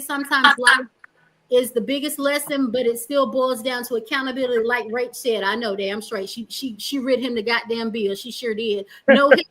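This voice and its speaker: Brash, bright-voiced woman stream host. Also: high-pitched, poor audio. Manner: blunt, profane, sassy. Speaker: livestream host. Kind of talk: reading live comments aloud on a stream.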